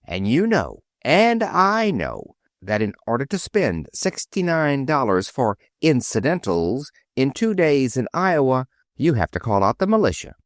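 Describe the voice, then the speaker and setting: A man voicing a brisk, sharp-tongued businesswoman in an audiobook reading. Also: medium pitch, wildly swooping pitch, no room sound, studio quality. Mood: crisp. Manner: crisp, impatient.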